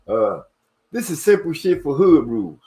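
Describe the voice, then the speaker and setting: A man hosting a casual livestream, reading viewer comments aloud and rushing and stumbling over his words. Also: fairly high pitch, very animated, dark tone. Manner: fast-talking, rushes and stumbles over words. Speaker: livestream host.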